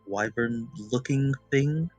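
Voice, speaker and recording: A man's voice: medium pitch, slightly rough, faint music behind. A man playing a hesitant woman adventurer. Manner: hesitant, halting. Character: cautious young woman adventurer, an Aasimar.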